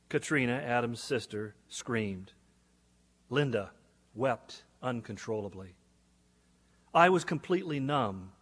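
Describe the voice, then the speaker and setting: A man's voice: mid-range voice, a bit bright. A man, a pastor, reading a letter aloud in a sermon in an earnest, dramatic way. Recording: echoey hall.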